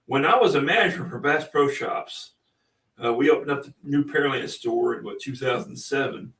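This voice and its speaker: A man's voice: mid-range voice, moderate pace, creaky, a bit bright, recorded from a distance. A middle-aged man hosting a podcast in a folksy, rambling, chatty way. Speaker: podcast host. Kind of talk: casual podcast monologue. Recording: echoey room, off-mic.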